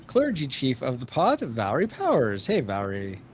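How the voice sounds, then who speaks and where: A man's voice: mid-range voice, wildly swooping pitch, normal speed, a little hiss or hum. A man hosting a live podcast, leading an upbeat, joking casual chat with his co-hosts. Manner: upbeat, joking, leads the talk. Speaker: podcast host.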